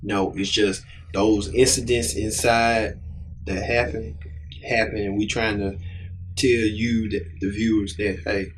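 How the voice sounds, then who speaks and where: A male show host in casual commentary, halting and repeating his words. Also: lowish voice, flat delivery, a little hiss or hum.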